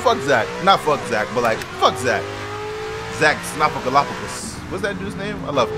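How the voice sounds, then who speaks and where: A young man with a New York accent, casually commentating a racing game with loud, swearing outbursts and quick apologies. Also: on the high side, big pitch swings. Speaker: gaming YouTuber. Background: music and car engine sounds.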